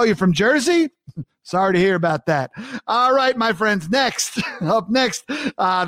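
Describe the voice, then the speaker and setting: A man's voice: sits high, a bit bright, dry recording, clean studio sound. A man from New York hosting a podcast in a casual chat monologue, upbeat and joking, often repeating himself. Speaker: podcast host.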